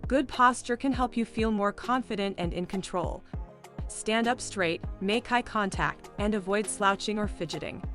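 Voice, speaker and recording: A woman narrating a scripted self-help lesson in a measured, list-like reading. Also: medium pitch, a bit bright, faint music behind.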